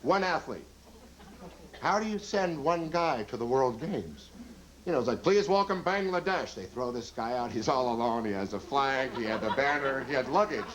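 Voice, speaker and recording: A man performing a wry, deadpan stand-up routine on a TV show in front of a live studio audience. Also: mid-range voice, moderate pace, rough recording. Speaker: stand-up comedian. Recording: old TV tape, audience noise.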